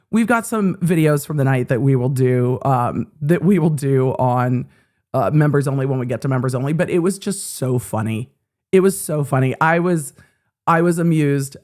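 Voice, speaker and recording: Woman host, 40s, chatty, swears a lot, acts out quotes, kinda low voice. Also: a little mellow. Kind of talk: casual chat, storytelling.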